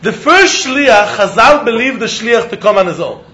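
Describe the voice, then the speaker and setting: A man teaching a Talmud lesson, animated, often repeating words as he thinks and breaking into laughs. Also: sits high, moderate pace. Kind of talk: Talmud study lecture. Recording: roomy, muffled recording with faint background noise.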